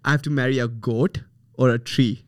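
A man co-hosting a podcast, telling a story in a laid-back, halting way with lots of fillers. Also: mid-range voice, fairly even intonation, no echo, studio quality. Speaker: podcast co-host. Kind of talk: casual podcast banter.

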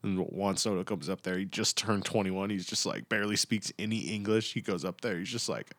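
A young man with a very low voice rants through casual podcast commentary, sarcastic and swearing freely. The sound is dry and close, with no room around it. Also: fairly even intonation, a little fast, hardly any pauses, fairly bright tone, dry recording. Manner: ranting, sarcastic, heavy swearing. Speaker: podcast host.

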